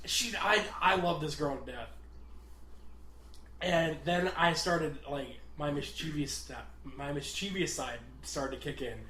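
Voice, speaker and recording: Animated young man in a roomy echo. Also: a little high, measured pace. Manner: animated, swears, laughs at his own story. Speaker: podcast co-host. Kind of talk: casual storytelling chat.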